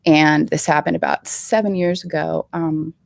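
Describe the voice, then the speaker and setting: Woman author guest, low-ish gravelly voice, earnest, heartfelt delivery. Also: steady tone, normal speed, dry recording. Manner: earnest, heartfelt storytelling with many ums. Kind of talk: live interview conversation. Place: live online show.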